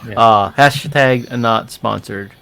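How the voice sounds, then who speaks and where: Gravelly man chatting with friends. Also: fairly low pitch, slow, a crowd in the background. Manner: chatty, laughs often, sharing his screen. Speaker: podcast co-host. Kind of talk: casual chat.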